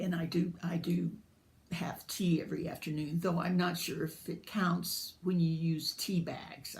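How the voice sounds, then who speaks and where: Older woman, light Southern US drawl, gravelly texture, rambling and chatty vlog delivery. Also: on the low side. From United States. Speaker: booktuber. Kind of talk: casual vlog chat.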